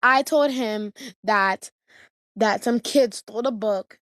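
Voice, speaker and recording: A woman's voice: a little high, takes it slowly, a bit bright, no room sound, clean studio sound. A woman vlogger casually telling family stories, chatty and slangy, often circling back to her point. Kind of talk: casual storytelling to camera.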